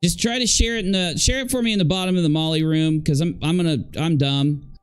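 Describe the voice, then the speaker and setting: A man's voice: a little high, fast talker, clean tone, faint music behind. Sarcastic man hosting a live stream. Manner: sarcastic, mocking; chatty, explaining to viewers. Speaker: streamer host.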